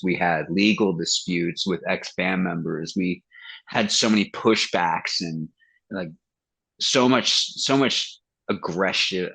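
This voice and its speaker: This poor-audio clip has a man with a low voice, vocal fry, and a slightly rough, a bit bright tone. He sings in a metal band and, as a podcast guest in casual interview chat, swears loosely and acts out conversations he quotes.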